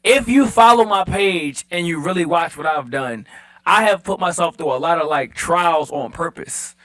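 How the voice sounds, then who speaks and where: A man from Baltimore with a high, bright voice speaks on a podcast after a few drinks. He keeps repeating his opening words to hold the floor, then talks with earnest conviction. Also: expressive, moderate pace. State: a little drunk. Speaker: podcast guest, entrepreneur. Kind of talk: loose tipsy podcast chat.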